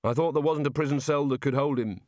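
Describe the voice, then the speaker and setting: A man's voice: mid-range voice, fast, darkish tone, no echo, studio quality, voice pushed up, close to an everyday voice. A man doing a jittery, gloomy wizard. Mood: nervous. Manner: nervous, sardonic. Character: anxious, gloomy male wizard prisoner. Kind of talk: audiobook character voice.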